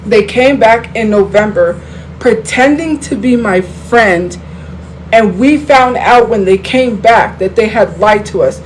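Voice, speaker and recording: A woman's voice: mid-range voice, measured pace, a little hiss or hum, poor audio. A woman hosting a livestream, talking heatedly to viewers in a rambling, casual way, full of fillers and restarts, into a phone. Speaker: livestream host.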